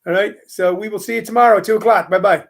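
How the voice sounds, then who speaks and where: A man's voice: sits high, fairly even intonation, quick pace, vocal fry. A man from St. Louis hosting a casual live-stream comedy show, chatting in a rambling, self-interrupting way. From St. Louis, Missouri.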